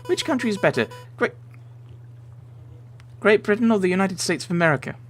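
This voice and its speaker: A man voicing an excitable, demanding young woman in a shrill falsetto. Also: fairly quick, faint music behind. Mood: insistent. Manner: shrill, insistent. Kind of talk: voicing game characters in a let's play.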